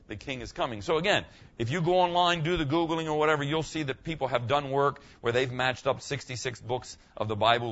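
A pastor in his sixties preaching a conversational sermon, checking in with the congregation and swinging from quiet talk to loud exclamations. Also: fairly high pitch, dull audio. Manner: conversational, keeps asking the congregation "okay?", swings from quiet to shouting. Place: church.

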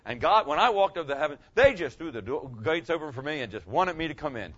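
Speaking quickly with few pauses, this middle-aged man delivers a sermon in a church sanctuary, very animated and a bit bright in tone, his voice fairly high. He talks conversationally to the congregation, repeats phrases, and asks them questions, and the recording is dull and lo-fi.

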